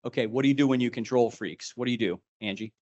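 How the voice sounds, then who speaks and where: A man's voice: mid-range voice, fast talker, a little mellow, muffled recording. A man leading a live leadership workshop, animatedly quizzing the group. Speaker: leadership trainer.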